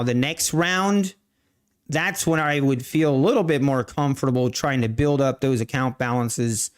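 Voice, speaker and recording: A man hosting a live day-trading stream, talking casually and haltingly, often restarting and clearing his throat. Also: medium pitch. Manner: slow, halting, many restarts, answers chat. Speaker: livestream day-trading host. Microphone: desk mic.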